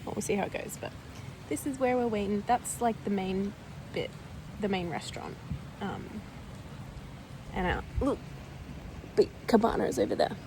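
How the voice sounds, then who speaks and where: A woman chatting casually to a handheld camera as a travel vlogger, upbeat and quick to laugh. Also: medium pitch, lively intonation, background noise. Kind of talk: casual vlog chat.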